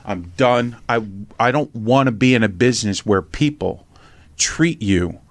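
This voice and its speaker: This is a middle-aged man from Pennsylvania telling his own story in a podcast interview. He is blunt and swears freely, and he keeps checking in with a quick "right?" His voice sits at a middle pitch and jumps up when he acts out a quote. He is recorded dry and close. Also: lively intonation, no room sound. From Norristown, Pennsylvania, USA. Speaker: podcast host and memoir author.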